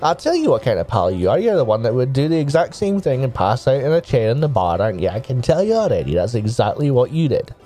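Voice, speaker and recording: A man voicing a gruff, chatty village gardener in a Scottish accent, calling everyone "boy". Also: medium pitch, huge pitch swings, quick pace, hardly any pauses, mellow, soft background music. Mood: scolding. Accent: put-on Scottish. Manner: folksy, calls people "boy".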